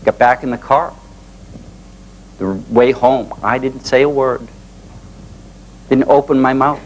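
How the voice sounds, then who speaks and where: A man in his forties giving a live motivational talk to an audience, telling personal stories in an animated way. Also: medium pitch, takes it slowly, slight background noise, rough recording. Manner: animated storytelling, acting out dialogue with rising excitement. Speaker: motivational speaker.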